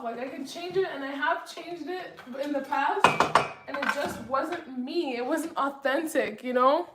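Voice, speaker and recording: Talking straight to her audience as she cooks at home, this young vlogger is chatty, leaning on fillers and asides. She speaks at a measured pace in a high-pitched voice, over heavy background noise.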